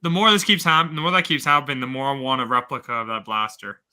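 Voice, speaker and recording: A man's voice: medium pitch, animated, very fast, pushed and bright, smooth. A man co-hosting a casual review chat, jokey, tossing in trivia and laughing often. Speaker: co-host.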